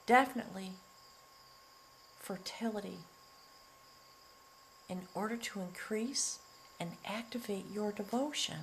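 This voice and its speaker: A middle-aged woman gives a heartfelt spiritual tarot reading at an unhurried pace, lingering on her words and sometimes softening to a near whisper. Her voice sits at an average pitch for a woman. Faint cricket sounds hum behind her. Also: low-quality recording. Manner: earnest and emotional, often choked up, breaking into soft laughs; slow, drawn-out delivery with soft near-whispered words. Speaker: tarot reader.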